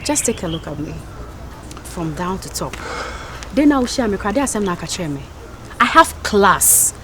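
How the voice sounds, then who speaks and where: A woman's voice: medium pitch, sing-song, moderate pace, fairly bright tone, slight background noise. An actress with a Ghanaian English accent playing a proud young woman who firmly turns down her lover in a comedy drama series. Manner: firm, dismissive. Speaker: Lottie, a girlfriend rejecting her partner.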